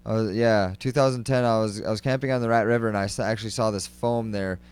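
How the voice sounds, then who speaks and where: A man's voice: on the low side, steady tone, fast, a little mellow, clean tone. A man hosting a casual interview, rambling with lots of "like" and fillers.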